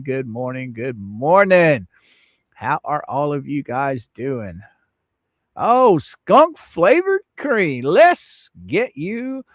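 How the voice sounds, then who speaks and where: A man's voice: fairly high pitch, no room sound, studio quality. A man in his fifties hosting a casual livestream, greeting viewers by name in a drawling, teasing, sarcastic way. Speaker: livestream host.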